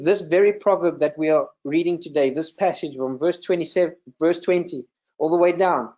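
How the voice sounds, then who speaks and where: A man's voice: a little high, a little mellow. Earnest man preaching over dull audio. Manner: earnest, repeats words while teaching. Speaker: minister. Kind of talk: sermon. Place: video call with screen share.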